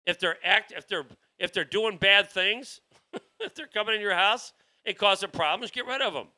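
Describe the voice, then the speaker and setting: A man's voice: sits high, expressive, normal speed, pushed and bright. A man hosting a political talk show, delivering a rambling, heated monologue with frequent restarts. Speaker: show host.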